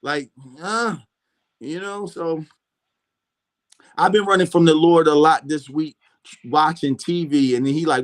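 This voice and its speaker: Animated storytelling man, bold delivery. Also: a little high, unhurried, long pauses. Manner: animated storytelling, acts out quoted dialogue. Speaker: gospel singer and interview guest. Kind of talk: casual radio interview.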